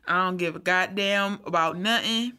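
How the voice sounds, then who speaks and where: A woman's voice: on the low side, normal speed, sharp tone, smooth. A woman co-hosting a casual comedy podcast. She talks bluntly and swears freely. She breaks into laughter often. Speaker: podcast co-host.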